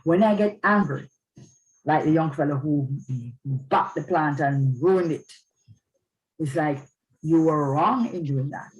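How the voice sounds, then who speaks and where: At a church event, a woman speaking on parenting talks earnestly and repeatedly asks "all right?" to check in with her listeners. Her voice is low and slow, and the audio quality is poor.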